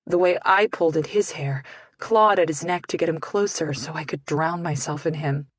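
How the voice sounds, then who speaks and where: Low-pitched woman narrator for a romance audiobook, intimate and emotional, dry close sound. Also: dry recording.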